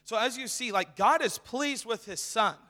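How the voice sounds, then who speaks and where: Young male preacher, high bright voice, casual and excited sermon, long church reverb. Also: moderate pace. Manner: casual, excited, with many fillers. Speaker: guest preacher. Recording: reverberant hall.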